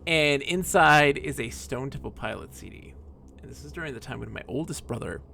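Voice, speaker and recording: A man streaming a game, telling a rambling personal story in a chatty, animated way. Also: mid-range voice, fairly quick, creaky, a little hiss or hum. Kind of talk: casual storytelling while playing a game.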